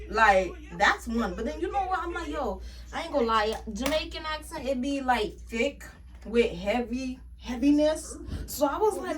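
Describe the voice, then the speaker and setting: A young woman vlogger telling a casual storytime about work, animated, slangy and full of swearing. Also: sits high, distant mic.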